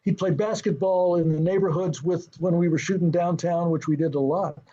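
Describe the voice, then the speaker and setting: An older man with a fairly high voice tells stories from a film set, animated and chuckling, slipping into the voices of the people he quotes. The sound is a little dull and lo-fi. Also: normal speed. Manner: lively, acts out quoted dialogue, chuckles often. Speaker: film and television director, interview guest. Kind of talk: anecdotal storytelling in an interview.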